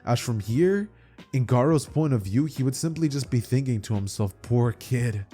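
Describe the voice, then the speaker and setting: A man's voice: medium pitch, lively intonation, normal speed, dark tone, husky, soft background music. A young man narrating a story in a casual, chatty way as storyteller.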